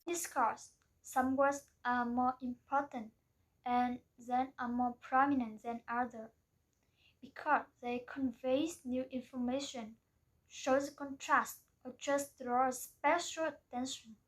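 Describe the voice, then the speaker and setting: High-voiced woman slowly reading a presentation. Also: fairly even intonation, rough recording. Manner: careful, reading aloud from a script. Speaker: student presenter.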